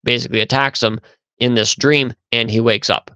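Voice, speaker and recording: A man's voice: mid-range voice, fairly even intonation, moderate pace, pushed and bright, clean tone, dry recording, poor audio. A man hosting a podcast, talking through stories in a rambling, conversational monologue. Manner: conversational, rambling, with fillers and restarts. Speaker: podcast host. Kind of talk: casual storytelling monologue.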